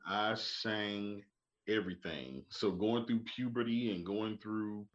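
A Birmingham, Alabama man in his forties, with a Southern US accent and a lowish, slow voice, appears as a podcast guest in a casual interview chat. He's an animated storyteller who mimics other people's voices, captured in dull lo-fi audio.

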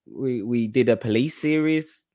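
A man's voice: medium pitch, measured pace, warm tone, dry recording, studio quality. Eager British man in his thirties. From United Kingdom. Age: 30s. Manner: eager, agreeable, repeats short phrases. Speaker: guest, show creator. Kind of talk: casual interview chat.

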